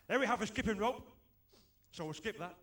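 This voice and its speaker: A man's voice: high-pitched, fairly bright tone, heavily acted. A man doing a chuckling bumbling comic magician. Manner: chuckling, muttering "oh dear" between one-liners. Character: bumbling chuckling stage magician-comedian, middle-aged man. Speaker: tribute comedian. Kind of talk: stand-up comedy with botched magic tricks. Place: stage in a club.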